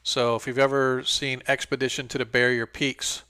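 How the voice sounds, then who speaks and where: A man's voice: medium pitch, flat delivery, normal speed, sharp tone, smooth, dry recording. A man acting as game master, chatting loosely and trailing off mid-sentence while he sets up maps for an online game. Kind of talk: casual pre-game chat.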